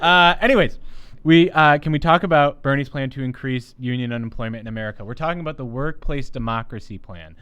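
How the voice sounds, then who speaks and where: A man moderating a campaign livestream panel, reading audience questions in an energetic, jokey way. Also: medium pitch, quick pace, few pauses, clean tone. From Wisconsin. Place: campaign office event room.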